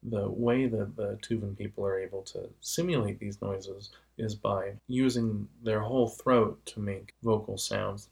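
A man's voice: on the low side, vocal fry, darkish tone. A man giving a casual, patient explanation of how engines and voices make sound. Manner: patient, illustrates with vocal demonstrations.

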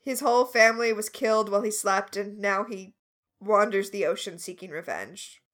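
A woman's voice: mid-range voice, moderate pace. A woman co-hosting a podcast, recapping a TV episode in casual, sarcastic chat and acting out the characters. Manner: sarcastic, animated, acts out characters in quotes. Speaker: podcast co-host.

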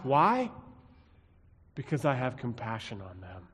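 A man preaching and praying as a pastor, telling a story dramatically, dropping quiet and then building emphasis. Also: medium pitch, sing-song, slow pace, breathy edge, muffled recording. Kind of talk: sermon. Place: church sanctuary. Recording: long church reverb.

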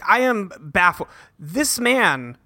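Female podcast co-host, bright and expressive, deadpan and incredulous. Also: mid-range voice, takes it slowly, no echo, clean studio sound. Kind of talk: casual movie-riffing chat.

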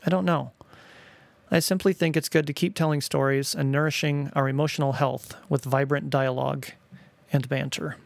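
A middle-aged father reads his own stories aloud with a wry, playful touch. His voice is fairly high for a man with a gravelly edge, captured close and dry with no room around it. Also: level tone, moderate pace, no echo. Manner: wry, gently playful narration. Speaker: storyteller, father.

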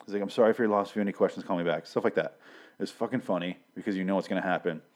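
A man's voice: sits low, rapid-fire, a little mellow. A man casually recapping a TV episode, rambling and profane, with dry jokes and frequent restarts. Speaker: show reviewer.

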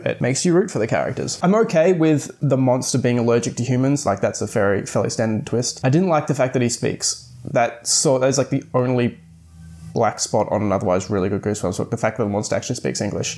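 A man's voice: medium pitch, darkish tone. Chatty man reviewing a book. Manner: chatty, uses many fillers.

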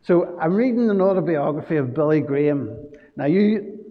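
A man giving a children's talk at a church service, telling stories gently and asking the children questions. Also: a little high, lively intonation, normal speed, big-room sound, phone-quality sound.

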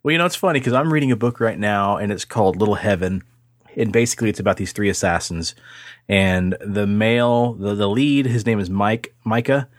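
A man with a lowish voice talks a little fast while co-hosting a casual podcast, joking, swearing, and rambling. He's on a video call from a home setup using a computer mic, yet the recording sounds dry and clean, like a studio.

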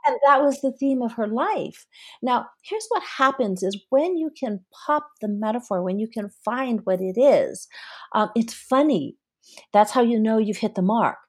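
Husky-voiced woman telling client stories. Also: a little high, very animated, a little slow. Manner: storytelling, acting out client dialogue, frequent laughs. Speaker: therapist guest. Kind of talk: conversational podcast interview.

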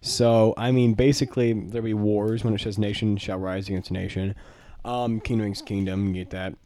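A man's voice: on the low side, little pitch movement, fairly quick, mellow. A young man co-hosting a casual podcast, talking in a laid-back, rambling way with fillers. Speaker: podcast co-host.

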